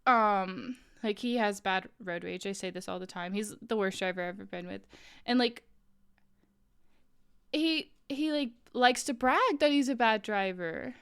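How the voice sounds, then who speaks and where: A woman's voice: medium pitch, expressive, a little slow, fairly bright tone, clean tone. A woman streamer chatting casually with viewers while crocheting, talking in an incredulous way, laughing often and filling her talk with "like".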